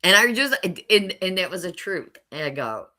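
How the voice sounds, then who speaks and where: A woman's voice: on the low side, very animated, moderate pace, sharp tone. A middle-aged woman telling her life story casually and candidly, often laughing wryly. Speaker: mother telling her testimony.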